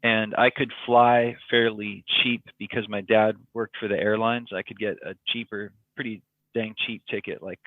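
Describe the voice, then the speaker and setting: A man's voice: on the low side, little pitch movement, moderate pace, dry recording. A man, a podcast guest telling a personal story in casual, rambling talk full of ums and likes. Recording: tinny phone-like line, dry.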